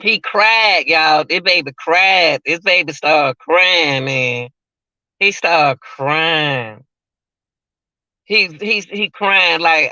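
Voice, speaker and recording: A man's voice: fairly high pitch, extremely slow, sharp tone, no echo, highs cut off. A man giving emotional, repetitive livestream commentary, talking straight to his viewers.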